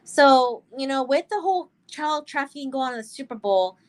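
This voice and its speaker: A woman's voice: high-pitched, expressive, moderate pace. Earnest, rambling woman co-host. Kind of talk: casual chat.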